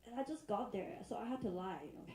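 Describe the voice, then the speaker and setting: A woman's voice: on the high side, fast talker, mellow. Comedian woman from China, echoey club. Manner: playful, teasing the audience. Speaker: stand-up comedian. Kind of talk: stand-up with crowd work. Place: comedy club stage, audience laughing. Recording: echoey live venue.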